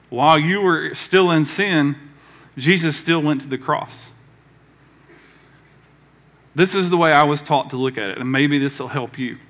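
A man's voice: on the high side, sharp tone. A man from the American South preaching a conversational sermon as pastor, acting out quoted voices along the way.

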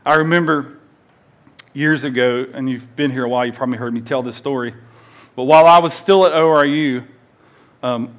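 A man's voice: mid-range voice, fairly quick, long pauses, fairly bright tone. A man in his forties preaching a sermon as pastor, talking conversationally and leading the congregation in call-and-response.

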